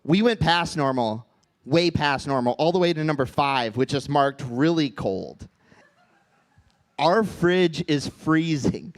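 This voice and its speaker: High-voiced halting comedian in his thirties. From Midwest United States. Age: 30s. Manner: deadpan, halting with restarts. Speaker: stand-up comedian. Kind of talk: stand-up set. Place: comedy club stage.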